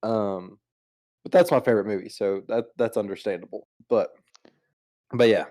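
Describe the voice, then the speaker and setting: A man's voice: lowish voice, moderate pace, warm tone. A man hosting a podcast in casual chat, rambling and teasing his co-hosts with many restarts. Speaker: podcast host.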